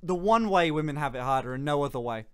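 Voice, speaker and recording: A man with a voice on the higher side for a man, chatting loosely on a stream. He jokes, curses freely and laughs often. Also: animated, fast, smooth. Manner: joking, swearing, laughs often. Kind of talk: casual chat on a stream.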